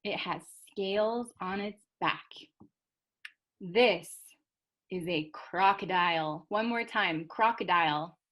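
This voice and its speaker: A woman's voice: on the low side, muffled recording. A woman teaching English vocabulary to learners, carefully modeling and spelling out each word. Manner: slow, deliberate, spells out and models words.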